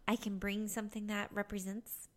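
A woman's voice: medium pitch, little pitch movement, normal speed. A woman co-hosting a podcast in casual chat, giggly and chatty as she tells stories. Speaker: podcast co-host.

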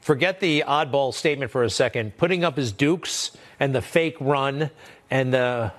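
A man's voice: mid-range voice, normal speed, fairly bright tone. Blunt, wisecracking male news host. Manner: blunt, wisecracking, skeptical questions. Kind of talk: conversational cable news interview.

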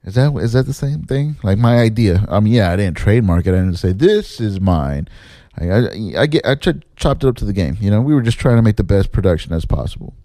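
A man casually telling a story about his theater days, swearing and jumping up in pitch to mimic people. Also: fast, hardly any pauses, no echo, studio quality. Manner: animated, swears, mimics others in pitched-up quotes. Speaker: former assistant stage manager telling a story.

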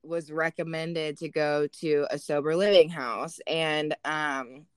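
A woman's voice: deep voice, slow pace, smooth, no room sound, studio quality. A young woman hosting a podcast, telling stories animatedly and swearing freely. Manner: swears a lot, animated storytelling. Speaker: podcast host. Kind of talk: casual podcast chat.

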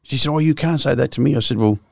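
A man's voice: medium pitch, fast talker, vocal fry, a little mellow, dry recording, clean studio sound. A man in his sixties with an Australian accent, a guest telling his life story bluntly and profanely, full of restarts. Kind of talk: candid storytelling interview.

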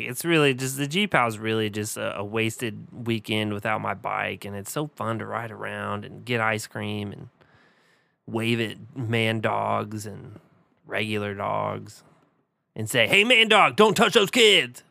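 A man co-hosting a casual comedy podcast, cracking deadpan, absurd jokes. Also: on the low side, unhurried, gravelly. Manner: deadpan, absurd joking with a laugh. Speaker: podcast co-host.

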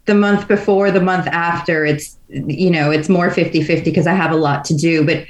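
A woman's voice: on the low side, steady tone, moderate pace, echoey room, highs cut off. A middle-aged woman from Australia, a race director telling stories in a casual interview, chatty and often laughing.

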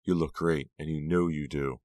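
A man's voice: rumbling low, steady tone, normal speed, a little mellow, dry recording. A man playing a wry teen girl, grumbling, mildly raised voice, dry sound. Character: tall, grumbling teenage girl.

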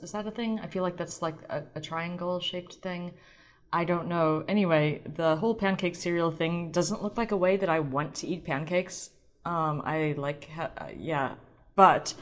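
A woman hosting her own podcast in a rambling, playful, self-deprecating chat. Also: low-pitched. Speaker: podcast host. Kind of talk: casual solo podcast chat.

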